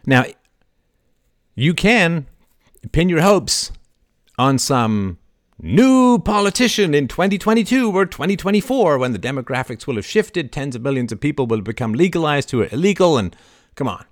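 A middle-aged man hosting a live show, talking passionately and swinging from soft asides to loud, emphatic outbursts. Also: a little high, sing-song, moderate pace, dry recording, studio quality. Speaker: show host. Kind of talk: impassioned live-stream monologue.

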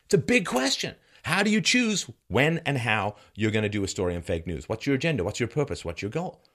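A middle-aged man giving a sardonic monologue commentary that mocks what he criticizes, with bursts of laughter. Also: fairly quick. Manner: sardonic, mocking, with lively swings in pitch and bursts of laughter.

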